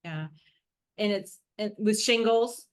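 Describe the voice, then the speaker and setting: Co-host, Texan woman, mid-pitched, relaxed and chatty, a steady sidekick voice. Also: slow. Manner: relaxed, supportive listener with short replies. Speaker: podcast co-host. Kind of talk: casual chat.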